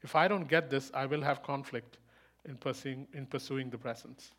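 A man's voice: medium pitch, normal speed, fairly bright tone. A man preaching a sermon to a live audience, telling a personal story with frequent laughter and repeating key phrases for emphasis.

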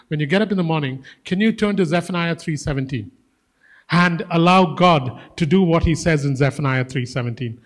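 A man's voice: fairly high pitch, moderate pace. A man preaching a casual, joking sermon to a congregation, acting out voices as he tells stories. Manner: joking, animated, acts out voices. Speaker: guest preacher.

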